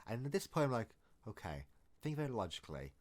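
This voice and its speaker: A man's voice: medium pitch, very animated, fast. A man telling a story in a casual, rambling, jokey way, often restarting his sentences. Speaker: storytime vlogger.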